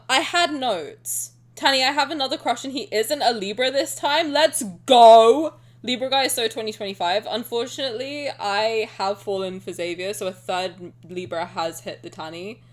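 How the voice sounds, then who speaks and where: Excitable woman streamer with lively pitch. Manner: excitable and rambling, swears casually. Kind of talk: casual live-stream chat.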